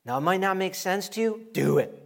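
Animated preacher man, slightly high voice. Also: fairly quick. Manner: animated preaching, acting out quoted voices, rising to emphatic peaks. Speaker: pastor. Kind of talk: sermon.

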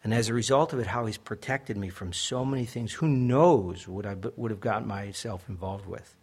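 Husky-voiced man preaching a sermon. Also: fairly low pitch, normal speed. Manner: earnest preaching, rising to emphatic peaks. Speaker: pastor.

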